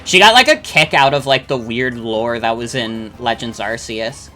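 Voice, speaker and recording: Bright, rambling young game streamer. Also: mid-range voice, moderate pace, faint music behind. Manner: rambling, filler-heavy, swears freely. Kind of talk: casual chat while gaming, reading chat.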